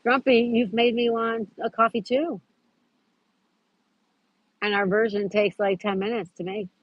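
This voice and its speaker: A woman's voice: a little high, level tone, unhurried, no room sound. Chatty woman on a dull lo-fi live stream. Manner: chatty, greets viewers by name, laughs often. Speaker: livestream host. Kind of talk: casual live chat reading viewer comments. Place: outdoors at a park.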